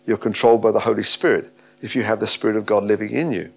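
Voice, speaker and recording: A man's voice: fairly low pitch, quick pace, vocal fry, slightly rough. A man preaching a sermon, reading scripture and expounding it with emphatic, rising delivery. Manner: emphatic, rising to animated peaks.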